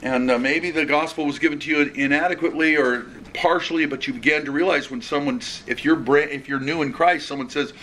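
A man's voice: on the high side, fairly even intonation, a little fast, few pauses, a bit bright, slight background noise. A man preaching an expository sermon, earnest and conversational, often restarting phrases.

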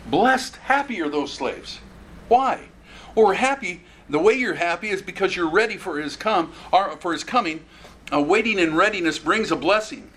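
Here a male pastor with a slightly high voice preaches at a moderate pace over faint hiss or hum. His expository sermon is lively: he voices the characters in the passage and quizzes his listeners.

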